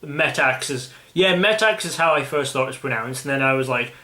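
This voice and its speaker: A British man talks casually at a mid pitch, hosting and thinking aloud as he goes. He rambles and often restarts his sentences. The recording carries a noticeable room echo. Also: steady tone, a little fast, sharp tone. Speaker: channel host. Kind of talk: casual chat about a card game. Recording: echoey room.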